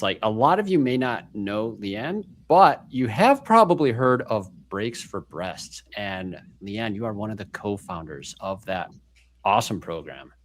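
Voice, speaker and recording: A man hosting a podcast panel in an upbeat, enthusiastic manner. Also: on the low side. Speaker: podcast host. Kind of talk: casual podcast interview.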